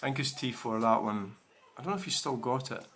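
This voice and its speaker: Man, channel host, casual chat, bright voice, rambling with fillers. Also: mid-range voice, fairly quick. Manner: rambling, many fillers and restarts.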